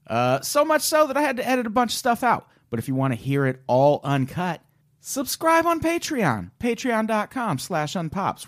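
A man's voice: medium pitch, no echo, clean studio sound. A man hosting his own podcast, reading plugs wryly and introducing guests in casual banter. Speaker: podcast host.

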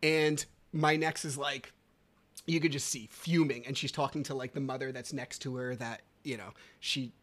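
A man hosting a podcast, telling a personal story in a casual, animated and profane way. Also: medium pitch, moderate pace. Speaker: podcast host.

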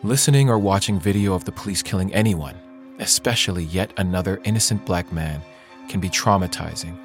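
A man co-hosting a podcast, speaking in a solemn, measured and deliberate way. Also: sits low, soft background music. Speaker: podcast co-host. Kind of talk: earnest podcast narration.

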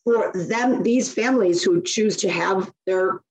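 A woman's voice: mid-range voice, unhurried, over a noisy crowd, poor audio. A middle-aged woman, a guest telling personal stories in a casual interview and acting out the quoted speech. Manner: animated storyteller, acts out quoted speech. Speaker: guest, nonprofit founder.

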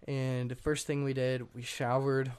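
A young man, a guest on an interview show, telling his story in a rambling, casual way, full of fillers and frequent throat clearing. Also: medium pitch, little pitch movement, unhurried, darkish tone. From Washington state. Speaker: guest artist.

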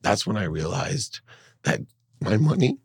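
A middle-aged man, a guest in an interview, telling a personal story in an earnest, animated way. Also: on the low side, unhurried, gravelly, husky, dry recording, clean studio sound. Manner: earnest, animated, acts out his mother's voice in dialogue. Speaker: guest, entrepreneur and speaker. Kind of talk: emotional storytelling in a podcast interview.

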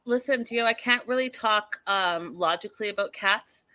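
A woman's voice: medium pitch, moderate pace, bright, forceful tone. A woman hosting a casual chat show, blunt and profane, reacting with emphatic opinions. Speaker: show host.

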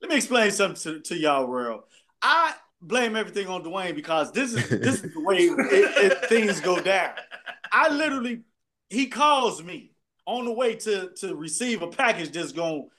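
A man's voice: sits high, big pitch swings, moderate pace, pushed and bright. A man co-hosting a podcast in loose, rambling, profane banter with friends. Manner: loose, rambling, swears freely. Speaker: podcast co-host. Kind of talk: casual banter among friends.

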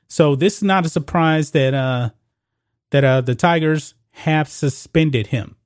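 This sports commentary host runs his own opinion channel and talks to his audience in a relaxed way. His mid-range voice is a bit mellow, captured cleanly and dry in a studio. When he reads news reports aloud, he trips over the quotes and starts them again.

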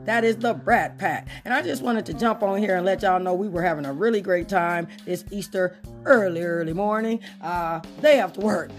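A woman hosting a podcast in casual chat, loud and profane, laughing often as she talks. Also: medium pitch, normal speed, few pauses, faint music behind. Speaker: podcast host.

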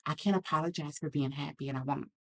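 Woman guest, deep voice for her sex, earnest reflective storyteller. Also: fast, fairly bright tone. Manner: earnest, reflective, acts out quoted lines. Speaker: podcast guest. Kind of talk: candid personal storytelling.

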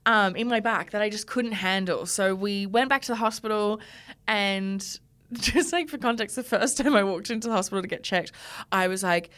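On a podcast, a female guest tells a story casually and with animation, laughing often. Her voice is mid-range and her pace moderate.

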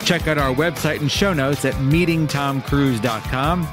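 Deadpan man reading podcast credits. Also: on the high side, moderate pace, music in the background. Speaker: podcast host and producer.

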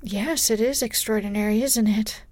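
A woman reading a storybook aloud and voicing a pompous, self-important young dandy who rattles on quickly and breaks into whispers. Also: on the high side, a little mellow, no room sound, close to an everyday voice. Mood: boastful. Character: pompous young dandy man, touchy and indignant.

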